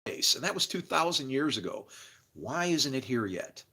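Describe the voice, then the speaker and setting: Intense preaching man, bright voice. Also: medium pitch, very animated, normal speed, breathy edge. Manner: preachy and intense, swinging from murmurs to loud bursts; laughs between phrases. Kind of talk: rambling religious monologue.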